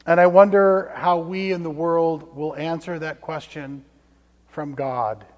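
Male pastor, high voice, conversational sermon with hushed asides, echoing sanctuary. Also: steady tone, unhurried. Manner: conversational storytelling, dropping to hushed tones for emphasis. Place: church sanctuary. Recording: long church reverb.

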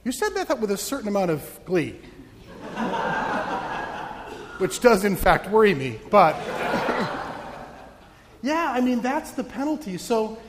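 A man's voice: high voice, sing-song, takes it slowly, pauses often, in a large hall, noisy background. A male pastor preaching a sermon in a church, playful and joking with his congregation.

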